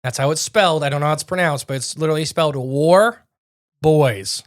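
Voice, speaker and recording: A young podcast co-host casually narrates a spooky tale, rambling and often restarting or correcting himself. He talks very fast with a steady tone, and his voice is on the high side and a bit bright.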